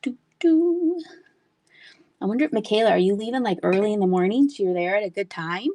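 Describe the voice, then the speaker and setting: A woman's voice: mid-range voice, lively intonation, a little fast, warm tone, dry recording. A woman hosting a casual live-selling stream from home, rambling between items and reading out viewer comments. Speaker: livestream seller. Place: home room with shelves.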